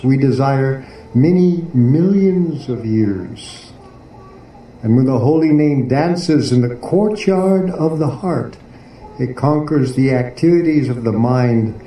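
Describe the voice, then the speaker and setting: A man giving a devotional class who explains a poem haltingly, often pausing and searching for words. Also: medium pitch, warm tone. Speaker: spiritual teacher. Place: devotional garden venue in Philadelphia. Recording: echoey room, distant mic, faint noise.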